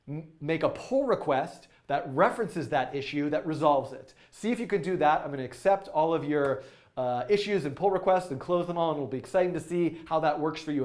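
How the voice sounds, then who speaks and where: In an indoor studio, a man with a fairly high voice hosts a live-stream coding tutorial. He talks excitably and rambles, full of fillers and restarts.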